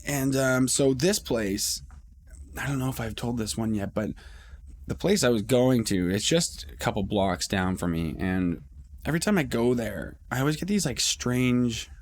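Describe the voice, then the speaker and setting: A man hosting a podcast, telling a story in a loose, profane, rambling way with many restarts. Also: fairly low pitch. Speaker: podcast host. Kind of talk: casual storytelling.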